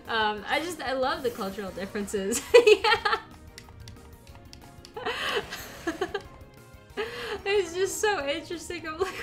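A woman's voice: high voice, expressive, slow pace, pauses often, fairly bright tone, faint music behind. A young woman streaming a game, chatting casually and rambling with frequent giggles. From United States. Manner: giggly, laughs often, rambling. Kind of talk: casual chat while playing a game.

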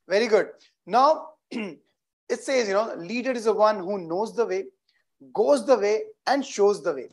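A man's voice: sits high, expressive, measured pace. A man with an Indian accent hosting a virtual corporate event, cheering the audience on with energy and repeating rallying phrases. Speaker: event host.

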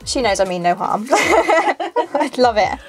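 A young woman with a high-pitched voice speaks slowly, her pitch swinging widely, while hosting a card-opening video. She chats and giggles through the booster packs, repeating herself on each card she reads out. Faint music plays underneath.

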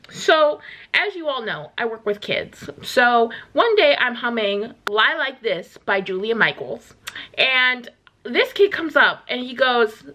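Woman reaction host, higher, bright voice, animated and exclaiming, casual chat. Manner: animated, exclaiming and laughing often.

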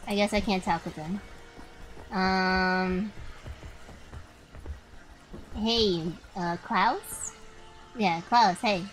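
A young woman streaming a game, chatting to her viewers with lots of swearing and sudden excited outbursts. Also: mid-range voice, very slow, long pauses, faint music behind, rough recording. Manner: excitable, swears freely, talks to chat. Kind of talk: live gameplay commentary.

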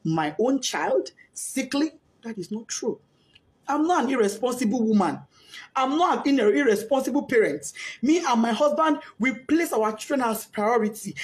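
A middle-aged woman with a Nigerian accent, a bereaved mother giving impassioned, grief-stricken testimony that swings between shouting and hushed speech, often crying. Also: on the high side. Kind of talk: emotional spoken testimony. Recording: echoey room.

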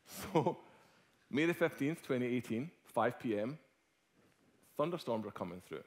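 A middle-aged Scottish man preaching a sermon as a guest speaker, telling a personal story with swings from hushed to loud. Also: mid-range voice, animated, unhurried, long pauses. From Scotland.

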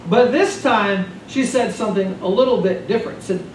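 A male pastor giving a sermon, telling a story in an animated way, recorded from a distance in an echoey church hall with noise behind. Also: sits high, normal speed. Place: church sanctuary.

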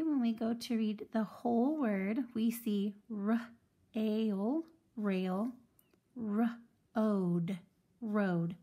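A woman's voice: on the high side, warm tone. A woman teaching a phonics lesson to children, patiently sounding out words syllable by syllable.

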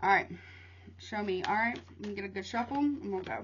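A woman's voice: medium pitch, fast talker, a bit bright, dull audio, slight background noise. A young woman giving a casual tarot reading, rattling off card meanings in a chatty way and calling listeners honey. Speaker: tarot reader.

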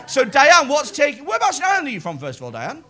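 A male stand-up does crowd work in a comedy club, teasing and cursing into a handheld mic amid audience laughter. He talks fast with a sharp, extremely high voice that makes huge swings in pitch.

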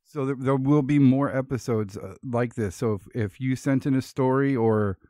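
A man's voice: mid-range voice, moderate pace, warm tone, no room sound, studio quality. A man co-hosting a podcast, talking in an easygoing, rambling way and thanking listeners. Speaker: podcast co-host. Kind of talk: casual chat.

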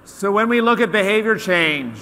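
A man giving a keynote talk to an audience, telling a story in an animated way and acting out the voices of its characters. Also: sits high, moderate pace. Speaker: conference speaker. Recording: long hall reverb.

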